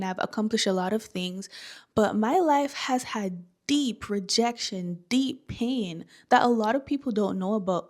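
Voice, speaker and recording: Woman, founder vlog, sincere and emphatic, preachy repeats, mid pitch. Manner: earnest, heartfelt, preacherly; emphatic, repeats lines for stress. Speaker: faith-based skincare founder. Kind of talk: personal vlog monologue.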